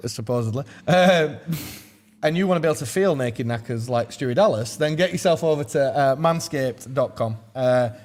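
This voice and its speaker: A man's voice: mid-range voice, normal speed, a little mellow. A man, hosting a podcast in a jokey, rambling way with frequent laughter and reading ads casually. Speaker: podcast host. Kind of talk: casual football chat and ad read.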